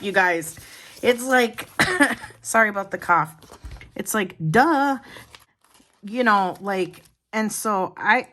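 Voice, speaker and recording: A woman's voice: mid-range voice, bright, forceful tone. A woman vlogger chatting casually to her viewers, rambling along with many restarts and asides. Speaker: planner vlogger.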